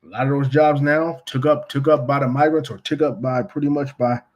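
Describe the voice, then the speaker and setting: A man's voice: mid-range voice, steady tone, fairly quick, dull audio. A man from California giving a blunt, profane monologue to camera, repeating himself for emphasis. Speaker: vlogger. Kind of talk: casual ranting monologue.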